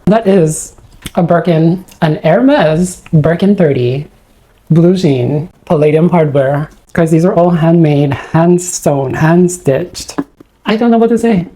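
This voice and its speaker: A woman films an excited unboxing for her vlog, gushing and awestruck and shaky with excitement. Her voice sits a little low and sounds mellow and soft-edged. She keeps losing her words. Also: takes it slowly. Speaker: unboxing vlogger.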